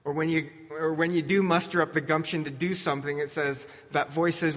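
A male pastor delivers a sermon at an unhurried pace, his voice sitting a little high. He swings from emphatic, rising questions to soft, near-quiet lines. The sound carries a long reverb from the hall. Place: church sanctuary.

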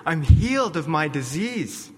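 A man's voice: on the high side, big pitch swings, a little slow, long reverb tail. A male preacher voicing a grateful woman beggar who speaks earnestly.

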